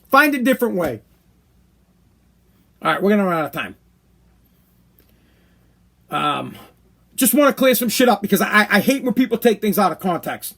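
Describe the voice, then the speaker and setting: A man's voice: high voice, expressive, moderate pace, pauses often, a bit bright. A man hosting a podcast from a hot room downstairs, ranting in a heated, profane way and repeating himself for emphasis. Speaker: podcast host. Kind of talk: opinion rant podcast.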